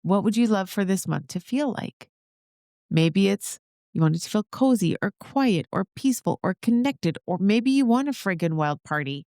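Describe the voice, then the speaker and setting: Upbeat woman podcaster with a gravelly edge. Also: medium pitch, animated, moderate pace, warm tone, no room sound, clean studio sound. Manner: upbeat, encouraging, talks straight to listeners. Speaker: podcast host. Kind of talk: solo motivational podcast talk.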